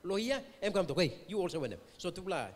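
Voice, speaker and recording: This high, expressive, quick-paced male voice belongs to a pastor with a Papua New Guinean accent delivering a revival sermon. He alternates English with Tok Pisin and quizzes his congregation, and the church hall gives the sound a long echo.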